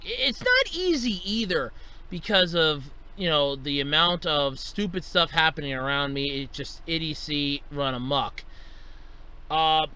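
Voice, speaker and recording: On a solo podcast, a male host rants casually about an everyday story, exasperated and swearing, his voice jumping up whenever he quotes himself. His voice is on the high side, smooth, bright and pushed.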